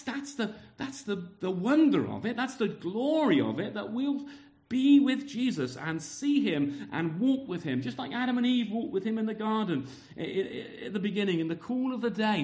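Lively high-voiced male preacher. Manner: lively, rhetorical questions, repeats words. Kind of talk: sermon.

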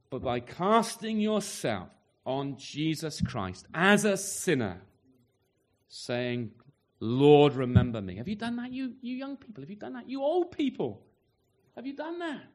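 A man's voice: very animated, unhurried. A man preaching a sermon earnestly, asking rhetorical questions and letting his voice rise and fall widely. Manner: earnest, rhetorical questions, wide swings in pitch and loudness.

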